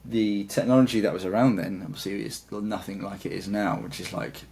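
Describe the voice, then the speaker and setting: A man's voice: lowish voice, steady tone, fairly quick, creaky, a little mellow, husky. A man chatting as a guitarist guest in an interview, talking in a rambling, enthusiastic way. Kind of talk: casual interview chat.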